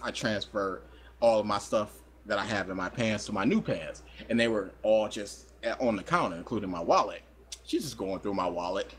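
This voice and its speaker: Lively young man telling a story. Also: on the low side, a little hiss or hum. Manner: animated, laughs a lot, acts out quoted voices. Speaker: podcast co-host. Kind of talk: casual storytelling chat.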